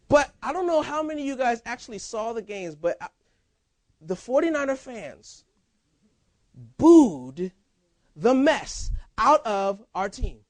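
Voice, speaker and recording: A man preaching a sermon as pastor, in a lively, conversational style with casual banter. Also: extremely high pitch, takes it slowly, long pauses, no room sound. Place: church.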